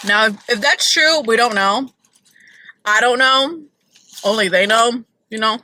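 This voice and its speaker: A woman's voice: fairly high pitch, measured pace, bright, forceful tone, low-quality recording. A woman vlogging from her car, chatting casually and opinionatedly about celebrity gossip with lots of "like".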